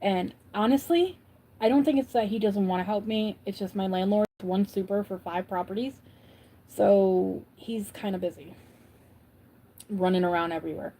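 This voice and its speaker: A woman's voice: medium pitch, moderate pace, mellow. A woman from upstate New York hosting a casual livestream, chatting and answering viewers' comments as she goes. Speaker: livestream host.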